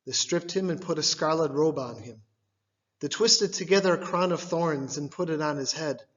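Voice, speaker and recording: A man giving a liturgical scripture reading, delivered in measured phrases, one at a time. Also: fairly high pitch, fairly bright tone, muffled recording. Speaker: scripture reader.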